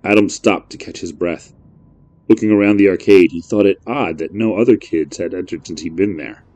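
Deep-voiced man narrating a horror story. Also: darkish tone, dry recording. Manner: measured, brooding storytelling.

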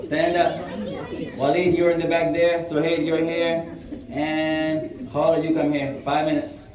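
A man teaching a class, switching between English and Arabic and giving firm, brisk commands to his students. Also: a little high, little pitch movement, a crowd in the background. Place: large echoey classroom full of students. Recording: echoey room, far mic, chattering students.

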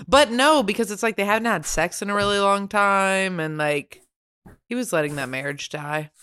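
A woman co-hosting a casual movie podcast, candid and jokey, quick to laugh. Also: medium pitch, fairly bright tone, clean tone, dry recording, studio quality. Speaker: podcast co-host.

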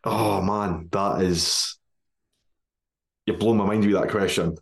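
A Scottish man hosting a casual football podcast, jokey and quick to laugh, using broad dialect words. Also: low-pitched, steady tone, creaky. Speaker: podcast host.

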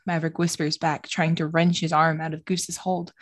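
A woman's voice: low voice, little pitch movement, moderate pace, hardly any pauses, no echo, studio quality. A woman co-hosting a podcast who reads fanfiction aloud reluctantly, making exasperated comments along the way. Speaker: podcast co-host. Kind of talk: casual podcast reading.

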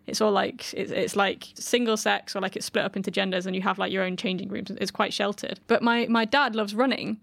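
A woman's voice: medium pitch, fairly even intonation, a little fast, vocal fry, few pauses, dry recording. A woman from the UK, chatting casually on a podcast panel, with lots of "like".

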